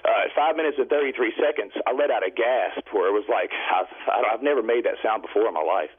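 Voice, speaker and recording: A man phoning into a radio talk show, telling a long story in a rambling, halting way full of fillers. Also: lowish voice, breathy edge. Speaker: caller. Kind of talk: call-in storytelling. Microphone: telephone. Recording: tinny phone line.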